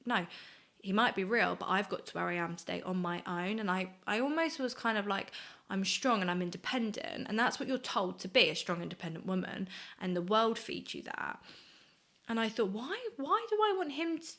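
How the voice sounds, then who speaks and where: Earnest young woman, gravelly fry. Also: medium pitch, fairly bright tone. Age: 20s. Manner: earnest, reflective, halting. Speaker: guest sharing her faith story. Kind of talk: personal faith testimony.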